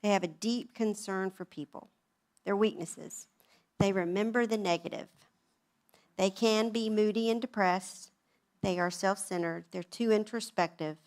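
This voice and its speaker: A woman's voice: mid-range voice, unhurried. A woman around sixty, giving a chatty, humorous personal talk at a women's event. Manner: animated, chatty storytelling.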